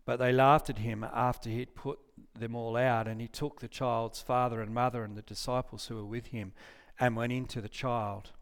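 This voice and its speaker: A man's voice: medium pitch, little pitch movement, moderate pace, hardly any pauses, clear, resonant tone. A man preaching a casual sermon, reading scripture aloud, often restarting and correcting himself and putting questions to his listeners. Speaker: pastor.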